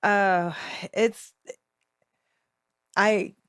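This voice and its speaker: A woman in her thirties co-hosting a casual faith podcast, candid and quick to laugh as she talks about parenting. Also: mid-range voice, fairly even intonation, a bit bright, clean tone, no echo, clean studio sound. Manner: candid, laughs often, quotes herself talking to her kids. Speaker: podcast co-host.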